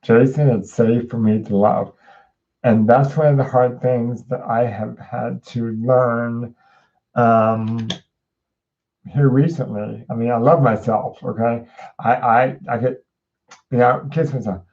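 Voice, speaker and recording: A man's voice: mid-range voice, fairly even intonation, takes it slowly, a little mellow, lo-fi sound. A man hosting a casual livestream tarot reading, rambling with lots of fillers and restarts as he chats with viewers. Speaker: host.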